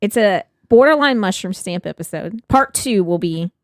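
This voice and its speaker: A woman's voice: medium pitch, moderate pace, no room sound, studio quality. A woman co-hosting a casual true-crime podcast, telling the story with frequent laughs and blunt swearing. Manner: laughs often, swears freely, animated.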